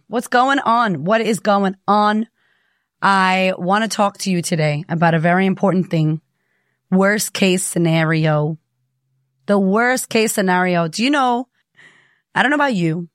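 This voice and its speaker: A woman in her thirties hosting a motivational podcast as a confidence coach, speaking in an energetic, direct and profane way. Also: medium pitch, no room sound, studio quality. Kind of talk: casual motivational podcast talk.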